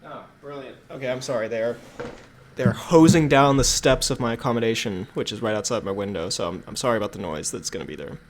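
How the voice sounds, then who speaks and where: A man's voice: medium pitch, fast, a little hiss or hum. A man co-hosting a podcast in casual chat, rambling and trailing off with fillers. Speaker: podcast co-host.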